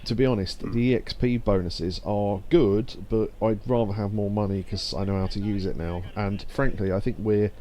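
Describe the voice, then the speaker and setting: A man's voice: lowish voice, steady tone, normal speed, few pauses, dark tone. A young man casually commenting while streaming a game, chatty and laughing often as he reads game text aloud. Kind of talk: casual let's-play commentary.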